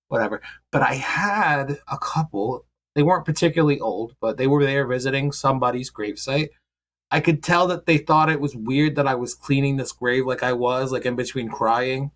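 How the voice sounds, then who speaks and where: A man hosting a podcast at an ordinary mid pitch. He chats casually, swearing freely and joking as he wanders through a long story. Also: a bit bright. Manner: profane, joking, rambling. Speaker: podcast host.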